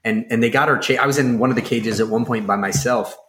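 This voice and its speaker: A man co-hosting a podcast, telling a story in a casual, excitable, rambling way with lots of fillers. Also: mid-range voice, fast talker, slight background noise. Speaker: podcast co-host.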